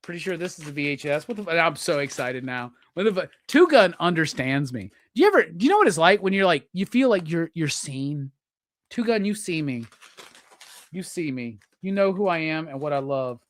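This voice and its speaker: A man hosting a live stream, unboxing gifts and gushing with loud, profane excitement. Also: fairly high pitch, a little fast. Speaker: live show host.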